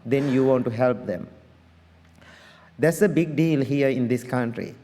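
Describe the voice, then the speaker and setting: A man's voice: mid-range voice, unhurried, mellow, long reverb tail. A middle-aged man, a Buddhist monk, giving a dharma talk in earnest, direct English with non-native phrasing, checking that listeners follow. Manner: conversational teaching, asks listeners to check understanding. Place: large congregation hall.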